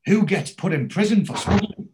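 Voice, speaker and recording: A man's voice: sits high, expressive, moderate pace, noisy background. A man hosting a casual podcast, retelling television scenes in a chatty storytelling way. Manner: chatty storyteller who acts out quoted lines. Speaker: podcast host recapping a TV series.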